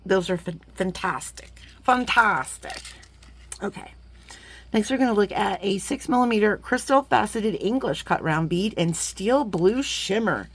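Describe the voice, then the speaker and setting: A woman, chatting warmly to viewers as she gushes over beads in a casual unboxing vlog. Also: mid-range voice, animated, normal speed, hardly any pauses, breathy edge. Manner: chatty and gushing, talks to viewers as friends; sometimes drops to a playful whisper. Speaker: jewelry-making vlogger.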